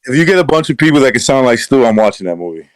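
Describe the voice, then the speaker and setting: A man co-hosting a podcast in casual chat, halting and repeating words as he searches for them. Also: medium pitch, sing-song, clear, resonant tone, no echo. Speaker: podcast co-host.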